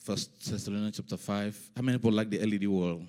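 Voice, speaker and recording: A man preaching in a church service, emotional and close to tears, who moves from hushed talk to loud shouted praise. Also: lowish voice, quick pace, faint music behind. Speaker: pastor. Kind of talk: church sermon and prayer.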